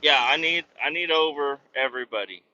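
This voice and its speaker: A man rambling and cursing in a casual monologue while driving his truck down the highway, with sudden loud outbursts. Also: brisk, highs cut off. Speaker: podcast host.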